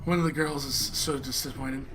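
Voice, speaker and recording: A man's voice: medium pitch, fairly even intonation, moderate pace, crowd noise. A man narrating as dungeon master in a casual, laughing way. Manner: casual, laughing, thanks stream followers. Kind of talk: narrating a tabletop game.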